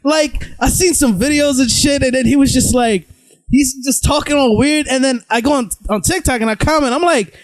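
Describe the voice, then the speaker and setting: A man co-hosting a casual podcast, telling stories in an excitable way and laughing often. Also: extremely high pitch, normal speed, no room sound. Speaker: podcast co-host. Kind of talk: casual chat.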